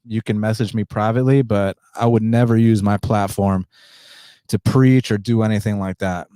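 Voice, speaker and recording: A man's voice: fairly low pitch, steady tone, normal speed, dark tone, clean tone, no room sound. Breathless guy hosting his podcast in his indoor voice, swears a lot, dry close sound. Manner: subdued indoor voice, blunt and profane. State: short of breath, pausing for deep breaths. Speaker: podcast host. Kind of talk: casual podcast monologue.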